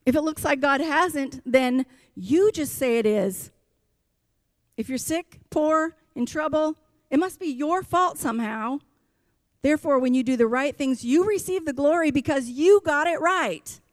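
A woman's voice: high-pitched, lively intonation, a little slow, dry recording, clean studio sound. A woman pastor preaching a sermon in a church, impassioned and emphatic, driving her points home with repetition.

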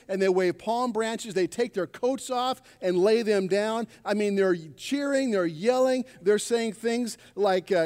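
A high-voiced male pastor delivers a sermon with call-and-response to his congregation. His tone is darkish, and the church sanctuary gives the recording a long, reverberant hall sound.

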